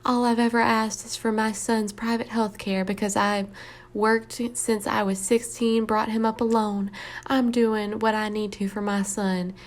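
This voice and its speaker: A woman's voice: mid-range voice, close to an everyday voice. A woman voicing a self-pitying woman with a put-on Southern accent and a whiny woe-is-me delivery. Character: self-pitying woman ranting about her hard life.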